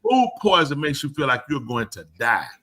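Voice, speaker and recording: A man's voice: medium pitch, moderate pace. A man, telling stories in a casual chat and acting out the quoted exchanges. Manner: animated, acts out quoted exchanges. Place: live show studio.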